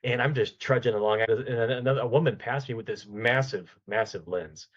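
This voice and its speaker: A man, a podcast guest, telling a lively anecdote in casual conversation, often restarting his sentences. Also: mid-range voice, fairly quick, highs cut off. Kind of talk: casual storytelling in an interview.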